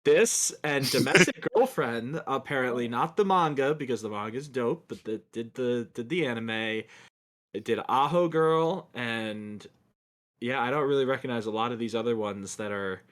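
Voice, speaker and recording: A man's voice: medium pitch, normal speed. A man co-hosting a podcast panel, teasing with dry sarcasm. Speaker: podcast co-host. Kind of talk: casual panel discussion.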